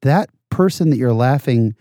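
Mellow-voiced man telling lively anecdotes. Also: medium pitch, normal speed, dry recording, clean studio sound. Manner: animated anecdotal storytelling, self-deprecating. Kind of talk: casual conversation.

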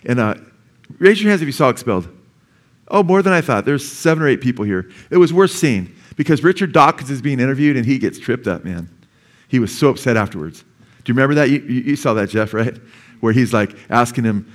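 A man's voice: medium pitch, animated, brisk. A middle-aged man preaching a sermon in a church in a conversational way, often tagging his points with "amen?" and "man". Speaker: pastor.

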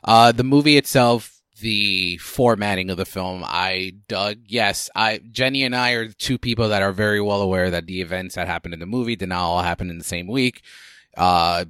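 A man's voice: deep voice, normal speed, a bit bright, smooth, no room sound, clean studio sound. A man co-hosting a casual film chat, talking in a loose, hesitant way with frequent restarts and fillers. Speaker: podcast co-host.

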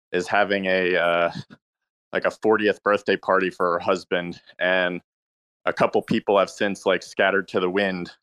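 A hungover man on a casual chat, telling a story in halting bits with many fillers and restarts. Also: low-pitched, fairly bright tone, clean tone, no room sound. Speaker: guest.

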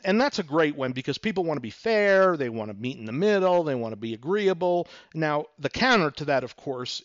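A middle-aged real estate attorney hosts a solo podcast, his voice fairly high and lo-fi with no room sound. He explains negotiation tactics conversationally, acting out both sides of each dialogue.

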